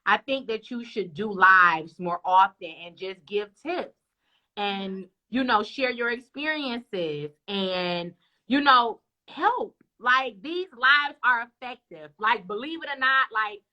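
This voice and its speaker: A woman with a high, bright voice hosts a casual live stream from home. She talks in an animated, encouraging way and keeps dropping into playful quoted asides. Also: slow pace. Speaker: live show host.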